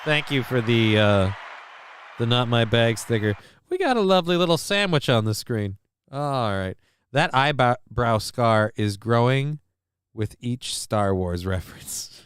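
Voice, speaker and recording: A man's voice: medium pitch, sing-song, a little slow, fairly bright tone, clear, resonant tone, dry recording. A man hosting a live stream, chatting casually with his chat in a rambling, sweary, self-mocking way. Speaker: streamer host.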